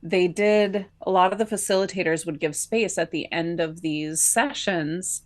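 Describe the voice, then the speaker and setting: A woman's voice: on the low side, measured pace. A woman co-hosting a podcast, telling a personal story in a casual, chatty way with lots of filler likes. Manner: chatty, many filler likes, laughs between phrases. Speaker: podcast co-host.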